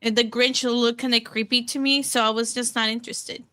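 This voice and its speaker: Bright, playful Spanish-accented woman. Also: on the high side, steady tone, brisk. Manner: playful, giggly storytelling. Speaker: co-host. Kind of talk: casual livestream chat.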